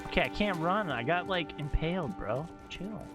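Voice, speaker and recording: A male streamer giving excitable live commentary on a game, swearing and laughing often. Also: fairly high pitch, moderate pace, over loud music.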